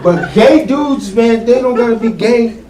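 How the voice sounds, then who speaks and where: A man's voice: extremely high pitch, expressive, unhurried, far from the mic. A man doing stand-up comedy, brash and profane, riffing with the audience in a comedy club. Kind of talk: stand-up comedy with crowd work. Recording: echoey club with loud crowd laughter.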